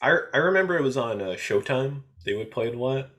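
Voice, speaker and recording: A man's voice: medium pitch, lively intonation, fast, fairly bright tone. A man hosting a podcast in casual chat, hesitant, with many "uh" and "you know" fillers. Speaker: podcast host.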